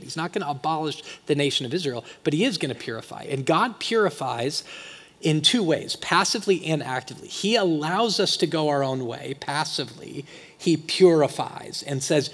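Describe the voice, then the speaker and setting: Male pastor, slightly high voice, conversational sermon with loud emphatic bursts, long hall reverb. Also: lively intonation, moderate pace, husky. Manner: conversational preaching, swings from quiet asides to loud emphatic peaks.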